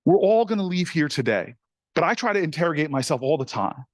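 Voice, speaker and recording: A middle-aged man, a senator, telling an animated, folksy story straight to the crowd in a speech. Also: on the high side, fairly quick, no echo.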